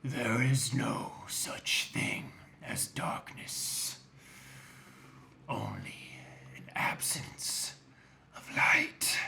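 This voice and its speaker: A man doing a booming unseen villain, whispering. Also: very slow, vocal fry, pauses often, pushed and bright, full character voice. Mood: menacing. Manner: low menacing whisper from all around.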